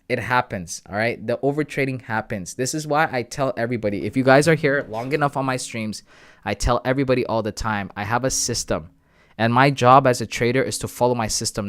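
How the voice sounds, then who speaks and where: A young man, chatting casually on a trading livestream, laid-back and slangy, reading out comments and breaking into loud shout-outs. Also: mid-range voice, brisk, smooth, dry recording. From Canada. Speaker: live-streaming forex trader.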